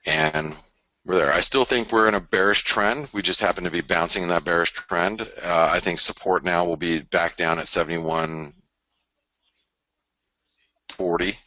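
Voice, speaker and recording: A man with a very deep, forceful voice hosts a live forex webinar in the early morning, sounding tired after an early start. He rambles in a casual way, full of fillers and restarts, and he repeats his key phrases. The recording is close and dry. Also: steady tone, normal speed, dry recording. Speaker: forex trading webinar host.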